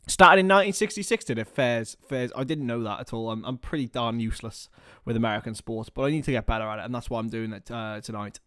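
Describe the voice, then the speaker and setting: A man's voice: medium pitch, fairly even intonation, quick pace, hardly any pauses, clean tone, no room sound, studio quality. Chatty young man streaming live. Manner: chatty, rambling, self-mocking, reads chat aloud. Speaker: livestream host. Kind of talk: casual live-stream chat. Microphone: webcam or computer mic.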